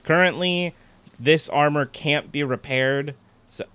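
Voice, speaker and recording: A man's voice: medium pitch, lively intonation, moderate pace, fairly bright tone, no room sound. A man giving casual gameplay commentary, chatty and explaining things step by step as he plays. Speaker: gaming content creator.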